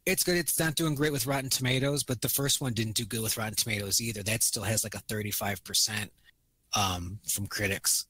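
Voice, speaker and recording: A man's voice: on the low side, fairly even intonation, a little fast, pushed and bright, breathy edge. A man co-hosting a podcast, chatting casually and profanely about movies, rambling with many fillers and acting out quotes. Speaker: podcast co-host.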